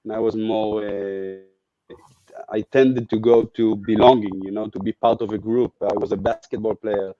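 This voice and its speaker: A man's voice: lowish voice, flat delivery, normal speed, warm tone, dull audio. A man from Israel, a podcast guest talking casually and thoughtfully, searching for his words. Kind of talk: casual reflective chat.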